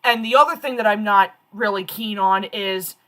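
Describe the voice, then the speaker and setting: A woman in her thirties hosting a casual stream, telling stories in an animated, chatty way. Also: medium pitch, normal speed. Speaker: streamer host.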